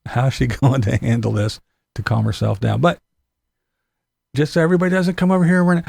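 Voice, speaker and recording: Raspy sardonic male commentator. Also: a little high, very animated, moderate pace, darkish tone, no room sound. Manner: sardonic, repeats himself, laughs between remarks. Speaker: reaction commentator. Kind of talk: casual reaction commentary.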